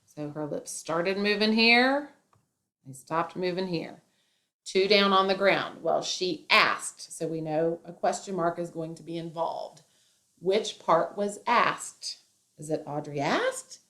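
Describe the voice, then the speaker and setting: Lower-pitched woman explaining a lesson. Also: takes it slowly, fairly bright tone. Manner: explaining step by step with playful asides. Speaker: teacher. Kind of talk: classroom grammar lesson.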